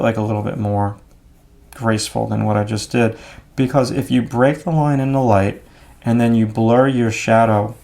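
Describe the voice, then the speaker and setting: A man explaining his drawing steps out loud as he works, in a relaxed, thinking-aloud way. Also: on the low side. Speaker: art instructor. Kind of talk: drawing demonstration.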